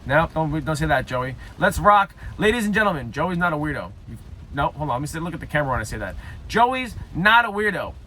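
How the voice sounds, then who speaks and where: A young man reading a story aloud haltingly, breaking off for loud self-mocking side comments. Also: fairly high pitch, lively intonation, slight background noise. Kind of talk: casual read-aloud with joking asides.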